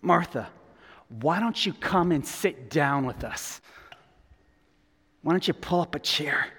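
A man voicing a calm, patient male teacher who speaks softly and reassuringly. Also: on the high side, slow, breathy edge, big-room sound, heavily acted. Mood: gentle. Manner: soft, gentle and reassuring.

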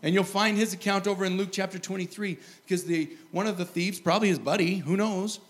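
A middle-aged man preaching a sermon, telling stories with lively asides and chuckles. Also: sits high, fast talker. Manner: lively storytelling, animated asides and laughs. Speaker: pastor.

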